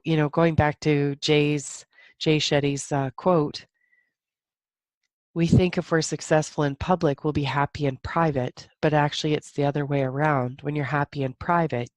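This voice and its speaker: A woman's voice: sits low, no room sound. A woman hosting a podcast, talking alone in a reflective, emotional way, laughing between thoughts, teary and a little stuffy-nosed. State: stuffy nose. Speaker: podcast host. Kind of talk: reflective solo podcast monologue.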